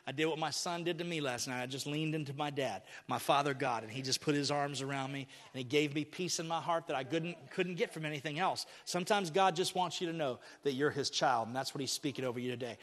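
A man's voice: fairly high pitch, a bit bright. A middle-aged man preaching a sermon as pastor, earnest and building to emphatic peaks. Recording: reverberant hall.

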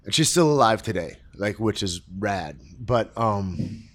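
Animated storytelling man on a podcast. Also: on the low side, a little slow, dry recording. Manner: animated storyteller, acts out quoted people. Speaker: podcast guest. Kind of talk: casual podcast conversation, storytelling.

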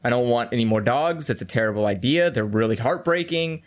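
A man's voice: medium pitch, fairly quick. A young man co-hosting a podcast, telling stories in a blunt, profane way and acting out what people said. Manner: blunt, profane storytelling with acted-out quotes. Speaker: podcast co-host. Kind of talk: casual podcast chat.

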